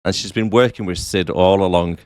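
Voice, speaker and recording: A man co-hosting a casual podcast, summarising plot in a relaxed way with frequent tag questions. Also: sits low, fairly quick, smooth, no echo. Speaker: podcast co-host. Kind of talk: casual chat.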